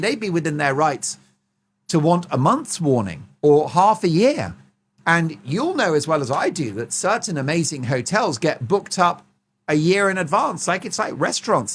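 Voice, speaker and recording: Man, host, casual comedic commentary, husky, lively pitch, rambling. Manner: rambling, jokey, with many restarts.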